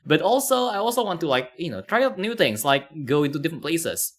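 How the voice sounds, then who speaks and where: A man's voice: fairly high pitch, sing-song, quick pace. A man streaming casually, commenting on a video with rambling talk full of fillers and laughs.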